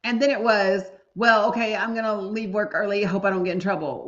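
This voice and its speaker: A woman's voice: medium pitch, steady tone, brisk, fairly bright tone. A woman hosting a casual livestream, talking emphatically and directly to her viewers. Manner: emphatic, talks straight to viewers. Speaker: livestream host. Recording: dull lo-fi stream audio.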